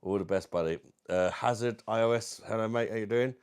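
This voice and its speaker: A man's voice: fairly low pitch, a little fast, a little mellow, smooth. A man with a London accent, casually chatting on a livestream at home, reading out viewer comments and calling everyone mate. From South East London. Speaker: livestream host.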